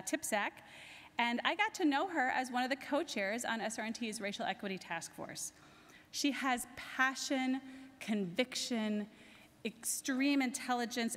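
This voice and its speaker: A woman's voice: on the high side, fairly bright tone. A woman introducing speakers at a conference, enthusiastic and candid, with some filler words. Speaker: society president presenting award. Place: large conference hall. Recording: long hall reverb.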